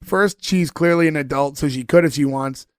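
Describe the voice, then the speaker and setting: Man co-host, fairly high voice, dry close sound, loose rambling recap. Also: moderate pace, clean tone, no echo. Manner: rambling, filler-heavy retelling with many "like"s. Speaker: podcast co-host. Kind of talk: casual chat recapping a TV episode.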